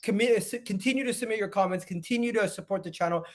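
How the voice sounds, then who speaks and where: A man on a live stream, venting his frustration to his chat. He repeats phrases again and again and swings between loud outbursts and low, muttered asides. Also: fast talker. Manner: exasperated, repeats phrases over and over. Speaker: fan channel host. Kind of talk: live-stream football fan rant.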